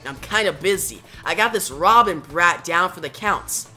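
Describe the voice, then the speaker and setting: A woman's voice: lowish voice, lively intonation, moderate pace, pushed and bright, faint music behind. A woman voicing a cocky male henchman who throws out sneering, tough-guy taunts. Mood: taunting.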